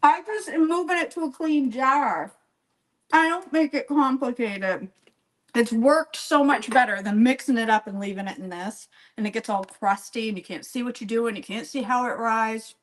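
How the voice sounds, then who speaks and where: A woman's voice: fairly high pitch, normal speed, rough recording. A woman with a slightly raised voice chats her way through a baking session, rambling and poking fun at herself. She talks straight to her viewers by name and laughs often. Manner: rambling, self-deprecating, chatty while working. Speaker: home baker. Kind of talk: casual live-stream baking chat.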